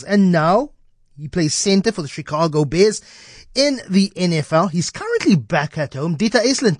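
A South African man hosting a morning interview, chatty and halting with frequent restarts. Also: high voice, no room sound. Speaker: radio host.

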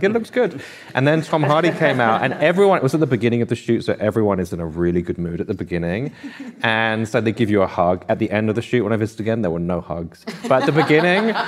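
A man on a festival panel, telling anecdotes in a chatty, animated way and acting out what people said. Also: fairly low pitch. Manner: animated storyteller, lots of "I was like" quotes. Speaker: author on a panel.

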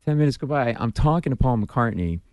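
A man's voice: mid-range voice, expressive, fairly quick, no echo, muffled recording. Comedian guy telling a story, voice jumps all over, dry close sound. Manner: acts out dialogue, mimics screams, self-deprecating. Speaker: stand-up comedian guest. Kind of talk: animated storytelling.

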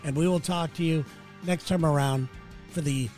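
Male solo podcast host with a high voice, blunt and rambling, faint music underneath. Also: fairly even intonation, moderate pace, darkish tone. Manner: blunt, rambling, swears freely. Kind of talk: casual solo monologue. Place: city.

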